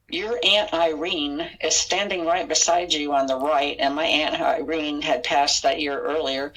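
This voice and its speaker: Woman, low pitch, bright edgy tone, earnest storyteller, podcast interview guest. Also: rough recording. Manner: earnest, animated retelling with quoted dialogue. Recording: audio interview.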